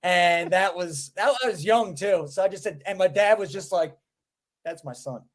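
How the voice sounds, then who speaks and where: A man co-hosting a casual sports podcast, telling a rambling, animated story. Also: high-pitched, normal speed. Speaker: podcast co-host.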